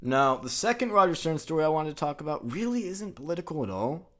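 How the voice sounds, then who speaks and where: A man's voice: fairly high pitch, very animated, quick pace, sharp tone. A man hosting a video essay, who narrates in a conversational way with filler words and the occasional swear.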